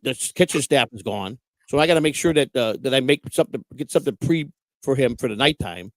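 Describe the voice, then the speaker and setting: A man's voice: fairly high pitch, no echo. A man telling rambling, profane stories in casual talk, repeating himself and restarting often. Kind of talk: casual storytelling.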